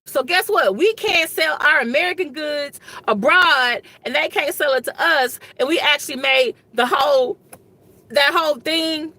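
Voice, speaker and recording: A history and government teacher with a high, pushed, bright voice offers casual political commentary directly to her viewers. She rambles, sounds exasperated, and talks colloquially, saying "y'all" a lot.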